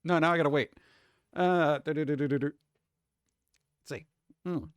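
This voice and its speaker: A man's voice: on the high side, moderate pace, clean tone, no room sound. A man streaming live, rambling casually and greeting chat viewers one by one.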